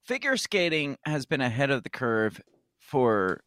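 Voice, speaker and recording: A man's voice: medium pitch, sing-song, unhurried, fairly bright tone, dry recording. A man co-hosting a casual news podcast, blunt and sarcastic in his quips. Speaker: podcast co-host. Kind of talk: casual news commentary chat.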